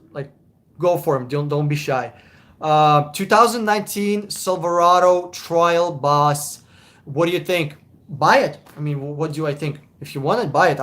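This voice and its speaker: A man's voice: fairly high pitch, fairly bright tone. A man hosting a casual live stream, reading viewer comments and answering car-buying questions bluntly, swearing and repeating himself for emphasis.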